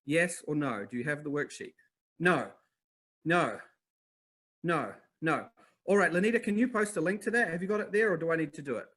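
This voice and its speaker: A man with a New Zealand accent hosting a live online masterclass, upbeat and energetic, talking straight to viewers in chat. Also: a little high, normal speed, long pauses. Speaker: webinar host.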